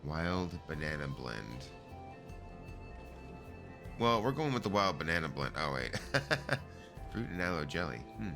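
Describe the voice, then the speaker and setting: A man's voice: deep voice, sing-song, moderate pace. A middle-aged man streaming a video game, reading its dialogue aloud and making joking, self-mocking asides. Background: faint game music.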